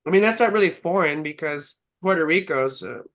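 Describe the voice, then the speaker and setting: A woman's voice: low voice, a little fast. A young adult woman hosting a live astrology stream, chatting casually and telling stories with lots of swearing. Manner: profane, chatty, animated storytelling. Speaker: astrologer host.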